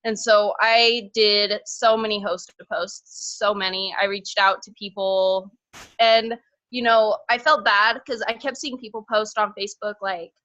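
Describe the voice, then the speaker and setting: A woman chatting casually about her own experience, bubbly and quick to laugh, full of "like" fillers. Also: medium pitch, fairly even intonation, pushed and bright, no echo, muffled recording. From northern Idaho, US. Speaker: team member sharing her story. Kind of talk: casual chat.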